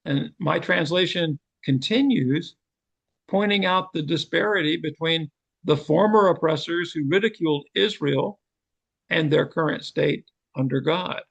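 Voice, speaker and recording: Slow, gravelly older man teaching. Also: fairly high pitch, poor audio. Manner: slow, measured, deliberate explanation. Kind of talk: Bible seminar lecture.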